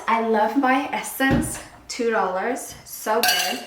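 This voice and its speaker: A woman's voice: on the high side, slow, roomy sound, far from the mic, very noisy. A woman chatting casually through a makeup tutorial, sassy and talkative. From Houston, Texas. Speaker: makeup vlogger.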